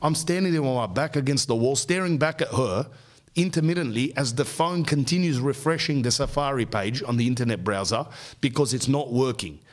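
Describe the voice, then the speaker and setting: A man's voice: mid-range voice, brisk. Exasperated middle-aged man telling a story. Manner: animated, exasperated ranting. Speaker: podcast host. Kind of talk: comic storytelling.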